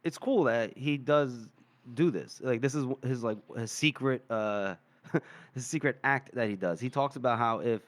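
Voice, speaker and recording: A man's voice: medium pitch, normal speed. A man co-hosting a casual book discussion podcast, reading passages aloud and chatting with frequent laughs. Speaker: podcast co-host.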